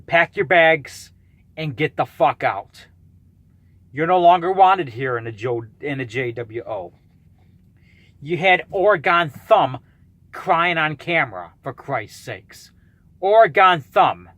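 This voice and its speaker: A man in his thirties with a fairly high voice, ranting bluntly on his vlog. He sounds combative and swears freely. The recording is dry and close, with no room sound. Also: animated, takes it slowly, a bit bright, no room sound. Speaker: YouTuber calling out a rival.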